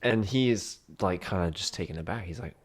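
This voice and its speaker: Man, lowish voice, comedy podcast, laid-back, dry humor. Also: moderate pace. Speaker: podcast co-host. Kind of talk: improvised comedy storytelling.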